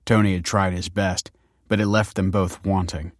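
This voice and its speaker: A man narrating a story in a measured, wry way. His voice is deep and low. The recording is close and dry, with no room sound. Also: flat delivery, dry recording. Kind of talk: scripted narration.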